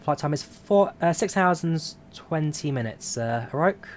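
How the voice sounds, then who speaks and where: A man streaming a flight simulator, chatting casually and answering viewer questions in a relaxed, rambling way. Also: a little high, a little slow, slight background noise. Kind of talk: casual live-stream chat.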